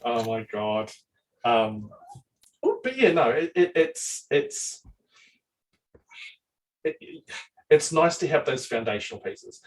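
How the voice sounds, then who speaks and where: A man chatting casually as a dungeon master, rambling and animated, with frequent restarts and swearing. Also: medium pitch, slow, pauses often, distant mic, poor audio. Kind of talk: casual chat.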